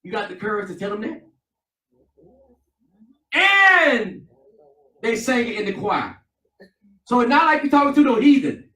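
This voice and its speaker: A man, a pastor preaching a sermon with call and response. He swings between loud, emphatic lines and softer ones. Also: extremely high pitch, big pitch swings, a little slow, pauses often. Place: church sanctuary. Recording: echoey church, mic at a distance.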